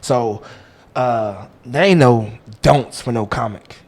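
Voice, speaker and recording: A man's voice: medium pitch, takes it slowly, darkish tone, husky. A man, a guest comic chatting in a laid-back way. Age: 20s. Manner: laid-back, keeps asking "you know what I'm saying". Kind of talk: casual chat.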